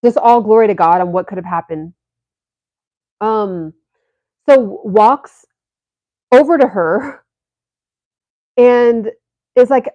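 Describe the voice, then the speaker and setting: A woman's voice: mid-range voice, takes it slowly, long pauses, no echo, dull audio. A woman vlogger telling a story to her viewers in a casual, rambling way, full of fillers and restarts.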